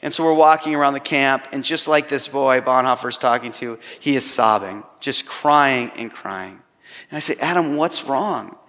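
A man's voice: mid-range voice, moderate pace, sharp tone. A man preaching a sermon, telling a personal story with self-deprecating humor. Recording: long hall reverb.

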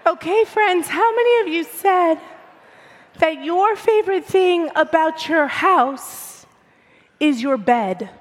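A woman pastor with a high voice, worn and strained from losing it, preaches in an upbeat, playful way. Her words ring out in a church hall with a long reverb behind them. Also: animated, slow. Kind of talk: sermon. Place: church sanctuary.

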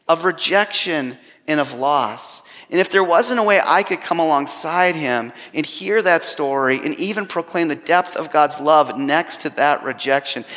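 Storytelling preacher in a reverberant hall. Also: male voice, on the high side, fairly bright tone. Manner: self-deprecating, humorous storytelling. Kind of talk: storytelling sermon.

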